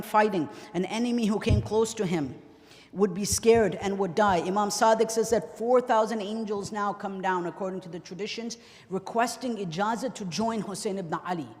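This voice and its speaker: A man preaching a mourning sermon, swinging between hushed recital and loud, emotional outbursts. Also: high voice, in a large hall. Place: large hall.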